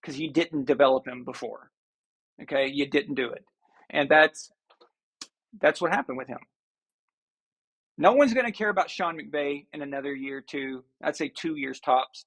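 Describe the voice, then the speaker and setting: A man's voice: a little high, normal speed, long pauses, fairly bright tone. A man hosting a sports talk show, ranting and sarcastic. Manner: ranting, sarcastic, mocking impressions. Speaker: show host.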